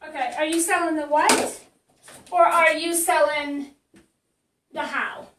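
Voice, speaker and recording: A woman's voice: sits high, steady tone, takes it slowly, reverberant, far from the mic, background noise. A woman marketing coach teaching in a casual live stream, chatty and blunt, with many fillers and restarts.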